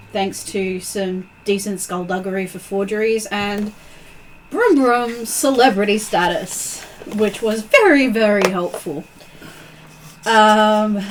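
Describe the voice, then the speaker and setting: Slow-talking woman recapping a game. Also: medium pitch, a little hiss or hum, low-quality recording. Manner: hesitant, frequent ums. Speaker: player. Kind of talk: recapping a tabletop session.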